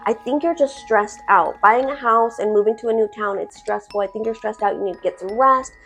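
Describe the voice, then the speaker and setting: Calm hospital staffer, voiced by a woman, soothing, advising. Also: on the high side, a little fast, faint music behind.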